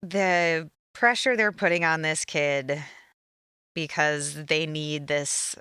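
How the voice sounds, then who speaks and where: Minnesotan woman co-host: chatty and opinionated, low, smooth voice, dry close mic. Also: steady tone, takes it slowly, pushed and bright, no echo. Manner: chatty and opinionated, with frequent fillers. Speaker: podcast co-host. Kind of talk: casual recap chat.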